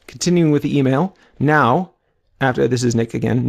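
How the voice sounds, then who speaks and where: A man co-hosting a podcast who reads listener letters aloud in a relaxed, easygoing manner. His mid-pitched voice has a gravelly, creaky grain. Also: normal speed. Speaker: podcast co-host reading listener mail. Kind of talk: casual podcast chat.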